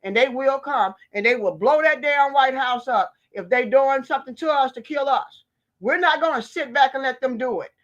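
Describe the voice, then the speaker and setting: Fiery high-voiced American woman ranting. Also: normal speed, fairly bright tone, lo-fi sound. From United States. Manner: fiery, preachy, emphatic. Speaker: vlogger. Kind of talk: impassioned political rant.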